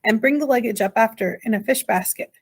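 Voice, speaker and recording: A woman's voice: on the high side, a little fast, slightly rough. A woman reading aloud, voicing an earnest, eager young boy.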